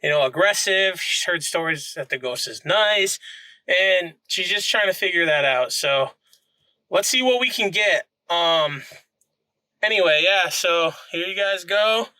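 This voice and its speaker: A man's voice: sits high, lively intonation, measured pace, pushed and bright, smooth, no echo, low-quality recording. A man hosting a paranormal investigation vlog, talking in a laid-back, enthusiastic way with lots of fillers. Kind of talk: casual vlog intro and interview.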